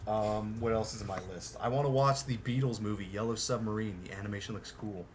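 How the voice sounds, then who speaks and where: A man's voice: fairly low pitch, steady tone, brisk, a little hiss or hum. Rambling, profane male podcast host. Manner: rambling, profane, heavy on fillers. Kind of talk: casual podcast chat.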